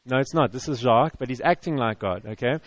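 A man of medium pitch delivers a sermon at a quick pace to an audience in a church hall. His style is conversational and repetitive with stammered restarts, and there's no room sound.

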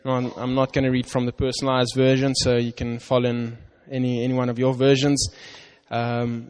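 Guy preaching, earnest, keeps restarting words, mid pitch, long reverb like a church hall. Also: monotone, brisk, clean tone. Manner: earnest, repeats and restarts words, stresses "you" in scripture. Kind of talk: sermon.

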